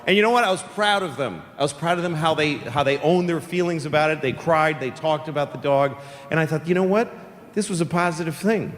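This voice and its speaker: A man's voice: fairly high pitch, a little fast, a bit bright. A middle-aged man doing a stand-up comedy routine, ranting profanely with exasperated outbursts. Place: comedy venue stage. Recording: live hall reverb, faint ambience.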